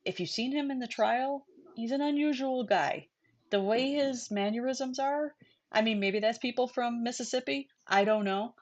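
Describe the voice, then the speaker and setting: A woman's voice: on the high side, normal speed. A woman hosting a casual true-crime livestream, chatty and digressive, talking straight to her viewers. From New York. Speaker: livestream host.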